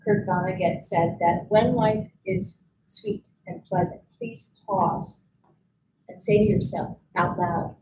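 A woman teaching a mindfulness practice at a conference, guiding listeners calmly and gently with frequent pauses. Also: mid-range voice, vocal fry, poor audio. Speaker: mindfulness instructor. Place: conference room.

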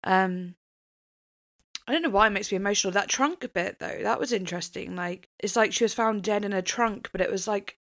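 A woman's voice: medium pitch, a little fast, a bit bright. A woman giving casual, emotional reaction commentary on a music video, chatty and full of fillers.

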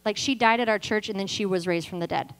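A woman's voice: medium pitch, quick pace, clear, resonant tone, low-quality recording. A woman in her thirties from California, a guest preacher giving a sermon and telling her own story, acting out the dialogue as she goes. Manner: lively storyteller who acts out dialogue. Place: church service.

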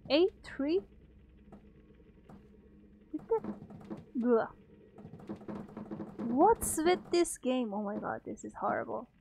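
A woman's voice: sits high, a little mellow. A young woman giving nervous, gasping commentary while playing a horror game. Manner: frightened, gasping, nervous laughter. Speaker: gamer streamer.

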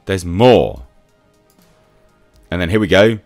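A deep-voiced man rants sarcastically as a reviewer. His delivery is lively and swings up and down, and the sound is dry with faint music underneath. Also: normal speed, no room sound. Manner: sarcastic, exasperated, mocking. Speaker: YouTube reviewer. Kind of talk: ranting commentary.

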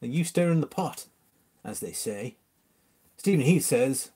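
A man's voice: mid-range voice, animated, a little slow, long pauses, darkish tone, breathy edge. A man hosts a casual live stream from home and reads viewer comments aloud. He is chatty and easygoing, greets regulars by name and chuckles often between messages. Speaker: livestream host.

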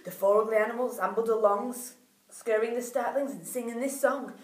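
Expressive teacher reading aloud. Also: female voice, fairly high pitch, brisk. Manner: expressive, sing-song. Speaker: primary school teacher. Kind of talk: reading a picture book aloud to young children. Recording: echoey room, voice far from mic.

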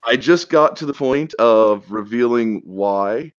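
A dungeon master running a tabletop campaign chats casually on a podcast, teasing his players about plot secrets. He speaks slowly in a mid-range voice, and the sound is lo-fi.

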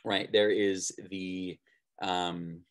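A man with a somewhat low voice delivers a recorded lecture on theater. His delivery is loose and conversational, dotted with fillers and little "right?" check-ins. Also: little pitch movement, very slow.

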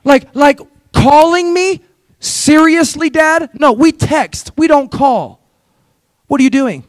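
A man's voice: extremely high pitch, slow, no room sound, studio quality, pitched above the performer's own voice. A male pastor voicing an eye-rolling teenage son who mocks his dad for phoning people. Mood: sarcastic. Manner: exasperated, sarcastic.

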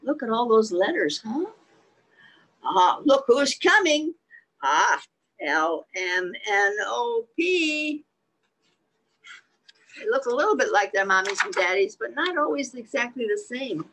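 A woman's voice: a little high, sing-song, takes it slowly, long pauses, fairly bright tone, low-quality recording. A woman reading a picture book aloud to young children in a sing-song manner, stopping often to ask them questions. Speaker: children's storyteller.

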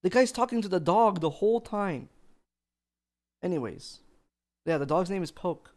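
A male streamer telling a profane, animated story in casual chat. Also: sits high, normal speed.

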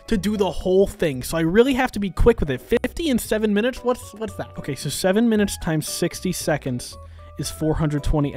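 A woman from New York giving excited gaming commentary, exclaiming often and talking straight to her viewers. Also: mid-range voice. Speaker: gaming creator.

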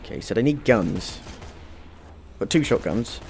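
A man's voice: mid-range voice, lively intonation, unhurried, gravelly, a little mellow, a little hiss or hum. A young British man chatting through a video game, talking to the characters and yelping when things go wrong. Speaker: let's play gamer. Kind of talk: gameplay commentary.

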